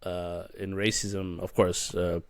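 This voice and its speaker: Guy cohosting a politics chat, kinda low voice, lots of stops and restarts, dry sound. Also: little pitch movement, clear, resonant tone, no room sound. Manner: halting, searching for words with many restarts. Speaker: podcast co-host. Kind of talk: casual political discussion.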